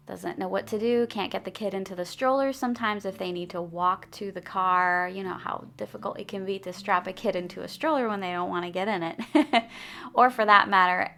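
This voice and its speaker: A woman's voice: medium pitch, vocal fry, a bit bright. A woman in her thirties, a behavior analyst, giving parenting advice to camera in a friendly, chatty way. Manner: friendly, chatty, laughs between points. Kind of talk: direct-to-camera parenting tips.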